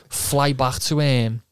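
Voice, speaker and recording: A man's voice: medium pitch, fairly even intonation, extremely slow, clear, resonant tone, no room sound, studio quality. A young man telling a rambling, swearing footballer's anecdote, quoting himself and laughing often. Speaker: footballer guest. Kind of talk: casual anecdote.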